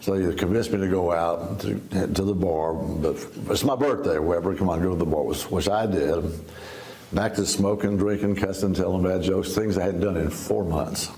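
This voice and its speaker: A man in his seventies from Texas tells a personal story in a sit-down interview. His voice is very deep and gravelly, and he speaks in a folksy way, with laughs and restarts as he acts out old conversations. The sound is roomy. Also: normal speed, warm tone. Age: 70s. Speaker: interview guest.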